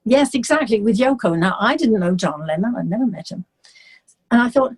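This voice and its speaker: An older English woman, a singer being interviewed, telling stories in a lively way and acting out the people she quotes. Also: on the high side, a little fast, slightly rough. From England. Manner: animated storyteller, acts out the people she quotes. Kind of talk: casual storytelling.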